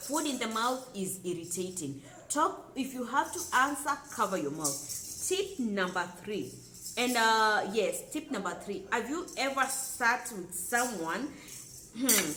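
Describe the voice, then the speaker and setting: A woman's voice: on the high side, unhurried. Emphatic Kenyan woman in an echoey room. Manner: emphatic and repetitive, lively asides. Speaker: lifestyle vlogger. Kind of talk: casual talk to camera. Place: home room with children nearby. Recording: echoey room with faint background noise.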